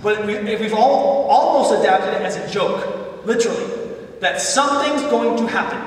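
A man preaching a sermon, telling stories with animated, emphatic peaks. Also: very high voice, moderate pace, a little hiss or hum. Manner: animated storytelling, rising to loud emphatic peaks. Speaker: visiting preacher. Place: church sanctuary. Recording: echoey church hall, far from mic.

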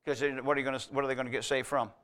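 A man preaching a teaching sermon, talking through Bible verses in a conversational way and stressing key words as his loudness rises and falls. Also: medium pitch, flat delivery, racing. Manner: conversational, emphatic on key words, swings between loud and quiet.

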